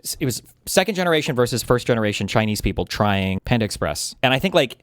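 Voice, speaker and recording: A man's voice: medium pitch, sing-song, fast, smooth, dry recording, clean studio sound. A man in his thirties giving blunt, dismissive live-stream commentary, swearing freely. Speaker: streamer reacting to a clip.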